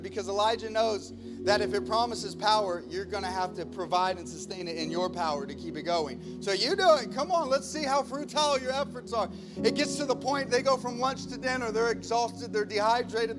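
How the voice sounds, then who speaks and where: A male pastor with a high-pitched voice preaches an emphatic sermon, acting out the scenes as he tells them. Music plays clearly under his voice. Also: fairly even intonation, moderate pace. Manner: emphatic, acts out scripture scenes. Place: church.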